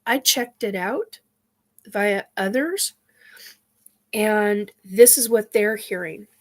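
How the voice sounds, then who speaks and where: A woman hosting a casual spiritual chat, talking in a halting way with many fillers and sighs, her nose stuffed up from crying. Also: medium pitch. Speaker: host.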